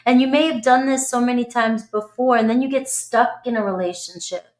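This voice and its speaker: A woman's voice: a little high, fairly quick. A middle-aged woman giving a casual, blunt tarot reading, chatty and swearing freely. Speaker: tarot reader.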